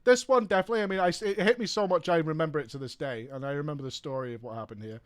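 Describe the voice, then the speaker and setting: A man's voice: a little high, racing. A man streaming a game, chatting casually, rambling and swearing as he searches for words. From United Kingdom. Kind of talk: casual chat while gaming.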